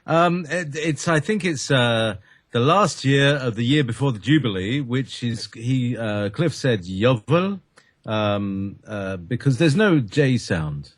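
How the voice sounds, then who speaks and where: A man's voice: mid-range voice, lively intonation, slow pace, no echo, clean studio sound. A man from Britain, a guest on a radio talk show, speaking hesitantly with many fillers.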